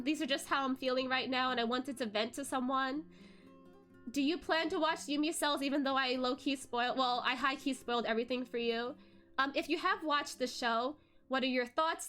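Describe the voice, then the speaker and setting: Young woman VTuber host, high bright voice, emotional casual venting, faint music underneath. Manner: emotional, animated, with frequent fillers and laughs. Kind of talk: casual chat to viewers, venting about a drama.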